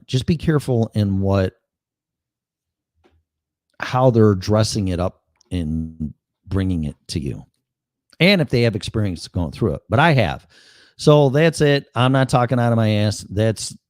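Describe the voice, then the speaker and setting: Show host, 60s man, Chicago accent, low-ish voice, blunt and profane, dry sound. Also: darkish tone, dry recording. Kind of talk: casual live-stream monologue.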